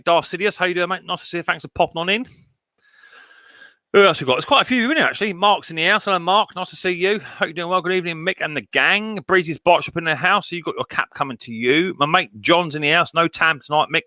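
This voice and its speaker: A man hosts a casual live stream, reading chat messages aloud and greeting each viewer like an old mate. His voice is bright and forward. The sound is dry and close to the mic. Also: mid-range voice, no echo. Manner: chummy banter, greets viewers by name.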